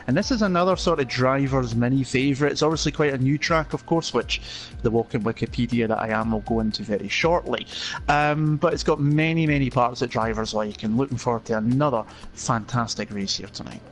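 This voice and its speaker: A man's voice: mid-range voice, fairly quick, soft background music. A man co-commentating a live esports race, explaining the track in a chatty, analytical way.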